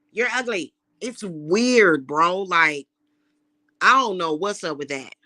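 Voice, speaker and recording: A woman, ranting to camera in a casual vlog, blunt and animated, with profane slang. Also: mid-range voice. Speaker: vlogger.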